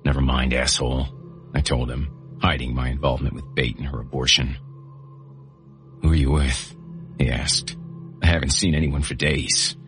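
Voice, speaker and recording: A man's voice: rumbling low, fairly even intonation, moderate pace, long pauses, a bit bright, soft background music. A man, host and narrator, reading a horror novel aloud in a gritty, menacing first-person voice.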